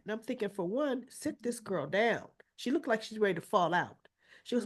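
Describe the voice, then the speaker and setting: A woman hosts a casual soap opera recap, retelling episodes in a chatty, opinionated way and acting out the characters' lines while sounding a little winded. Her medium-pitched voice is expressive and moderately paced.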